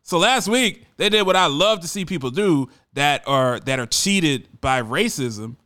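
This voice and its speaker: Fired-up male radio host, higher pitch. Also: lively intonation, measured pace, pushed and bright. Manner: fired-up, stumbling, laughing asides. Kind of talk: reading and riffing on news articles.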